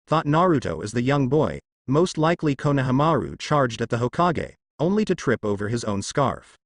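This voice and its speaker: Male narrator with lively intonation. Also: medium pitch, normal speed, hardly any pauses, dry recording, studio quality. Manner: straightforward storytelling. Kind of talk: reading a fan story aloud.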